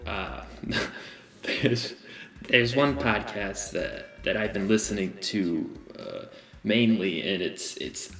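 This is a hazy, nasal drawl of a male film star, as a man attempts it for a laugh. It stalls and restarts, dragging out each phrase. The tone stays bright and forward. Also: on the low side, reverberant, far from the mic. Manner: slow, hesitant, mumbling delivery. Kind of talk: podcast impression bit.

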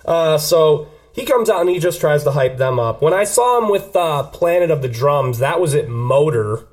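A man's voice: on the high side, animated, moderate pace, a little mellow. A man hosting a casual podcast, introducing songs in a loose, profane, hyped-up way. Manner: loose and profane, hyping up music. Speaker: podcast host.

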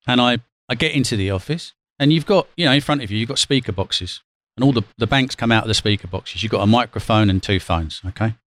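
A man, a former bond trader, guesting on an interview and telling stories in a casual, lively way. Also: on the low side, quick pace. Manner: lively, acts out quotes, laughs while telling. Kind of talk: casual anecdotal storytelling.

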